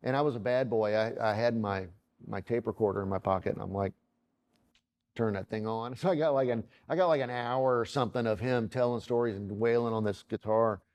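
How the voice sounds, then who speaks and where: A man's voice: on the low side, brisk, darkish tone. Rambling man telling a story. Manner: rambling, acts out quoted dialogue. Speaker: illustrator. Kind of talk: casual anecdotal storytelling.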